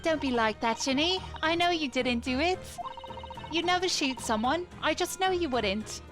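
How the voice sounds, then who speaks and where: A woman voicing an earnest, caring young woman who speaks gently. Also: high voice, expressive, moderate pace, voice pushed up. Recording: game music behind.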